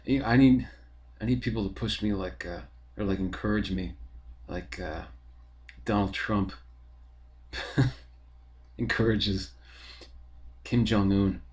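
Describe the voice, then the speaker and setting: A man's voice: fairly low pitch, slow pace, long pauses, a little mellow. A young man, talking in a rambling, profane, casual monologue full of fillers as a podcast host.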